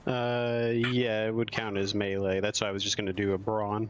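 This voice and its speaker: Hesitant low-voiced man, dull mic. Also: little pitch movement, normal speed, over music. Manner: hesitant, with frequent uhs. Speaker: player. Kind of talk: casual tabletop game play.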